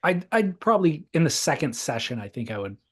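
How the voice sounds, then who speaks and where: A man's voice: fairly high pitch, very animated, fairly quick, slightly rough. A man hosting a casual podcast chat, talking things over thoughtfully and reading a listener's letter aloud. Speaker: podcast host.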